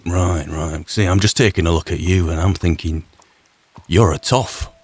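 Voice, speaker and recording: A man's voice: deep voice, moderate pace, breathy edge. A man playing a blunt, teasing, suspicious frontier fisherman. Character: gruff cagey frontier man who fishes.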